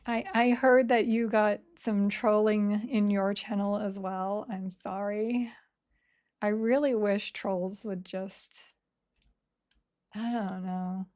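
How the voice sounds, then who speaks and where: A woman streams a game and chats easygoingly with her viewers. She talks at an unhurried pace, letting her words blend together, and breaks into frequent little laughs. Her voice sits at a middling pitch. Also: fairly even intonation, a little mellow. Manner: chatty, laughs often, reads chat aloud. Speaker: streamer playing an online game. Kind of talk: casual live-stream chat.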